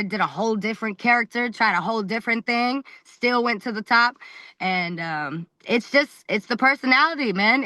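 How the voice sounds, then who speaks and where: A woman's voice: a little high, no room sound. A woman wrestler, the guest on a podcast, telling stories in a loose, blunt way that is full of swearing and laughter. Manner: animated, blunt, swears freely, laughs often. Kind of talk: casual storytelling interview.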